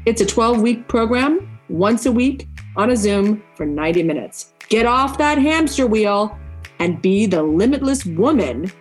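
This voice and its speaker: Lively, upbeat woman podcast host. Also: a little high, a little slow, faint music behind. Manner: enthusiastic, motivational. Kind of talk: upbeat podcast intro and interview.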